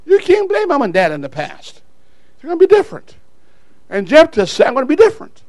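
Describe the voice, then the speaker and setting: A male pastor preaching a sermon in an animated way, shouting at some points, dropping low at others and chuckling at his own asides. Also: normal speed, no echo, low-quality recording.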